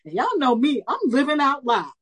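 A woman of about seventy telling a personal story at a recovery meeting, lively and animated, acting out the voices she quotes. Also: sits high, normal speed, breathy edge, rough recording. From Chicago area. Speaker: speaker sharing her story at a recovery meeting.

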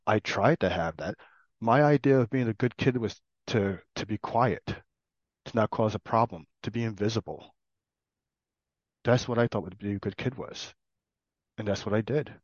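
A middle-aged man sharing his personal recovery story in an earnest, reflective way, in short halting phrases. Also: fairly low pitch, no room sound. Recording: dull, dry recording.

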